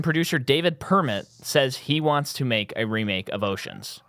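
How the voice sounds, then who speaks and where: A man's voice: medium pitch, expressive, a little slow, a bit bright, smooth, no echo, studio quality. A man co-hosting a podcast in casual movie chat, rambling with many ums and easy laughs. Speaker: podcast co-host.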